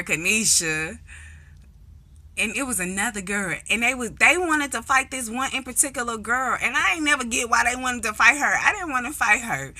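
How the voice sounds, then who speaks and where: Blunt, bright-voiced St. woman vlogging. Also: mid-range voice. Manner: blunt, profane and animated, acts out quoted voices. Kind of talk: casual storytelling monologue.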